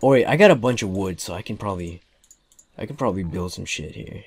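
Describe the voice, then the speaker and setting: A young man giving casual, excitable gameplay commentary, swearing often and talking to the characters on screen. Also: sits low, fast, breathy edge, no room sound. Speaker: let's play gamer.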